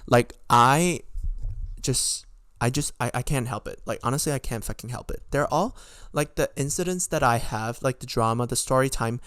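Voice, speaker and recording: A young man rants through a casual storytime, piling on fillers and curses as his disbelief spills out. His voice sits at a middling pitch and comes across smooth and clear. The recording is dry and close. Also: moderate pace, a bit bright, dry recording. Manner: rambling, heavy filler words, frequent swearing; exasperated, incredulous. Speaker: podcast host.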